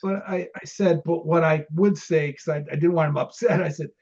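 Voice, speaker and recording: A middle-aged man rambles through old film-set stories for an interviewer, doubling back, restarting sentences and laughing as he goes. His voice sits fairly high for a man. The sound is dull and lo-fi, like a remote call. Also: fairly even intonation, a little fast, darkish tone. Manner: rambling, many restarts, laughs while telling. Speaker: interview guest, former film extra. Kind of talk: casual storytelling interview.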